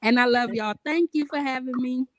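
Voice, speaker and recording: A woman's voice: high voice, a little fast, a little hiss or hum, poor audio. Exasperated woman venting about football. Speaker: guest fan. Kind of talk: casual sports chat.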